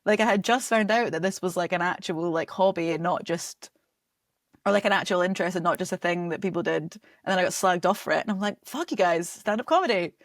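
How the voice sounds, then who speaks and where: A woman's voice: lowish voice, fairly even intonation, fast talker, no echo, clean studio sound. A young Scottish woman chatting casually on a podcast as a guest, laughing often and filling her talk with "like". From Scotland. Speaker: comedy director and promoter, guest.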